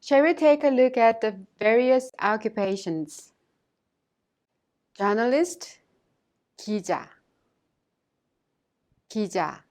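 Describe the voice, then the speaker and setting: A woman language teacher giving a scripted lesson, speaking clearly and carefully and saying words twice for learners to repeat. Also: on the high side, slow, pauses often, a little mellow.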